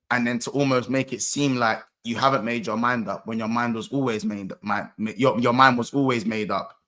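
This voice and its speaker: A man's voice: medium pitch, pushed and bright. A man co-hosting a casual football chat, emphatic and repeating his points. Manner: emphatic, repetitive, slangy. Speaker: podcast co-host. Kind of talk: casual banter.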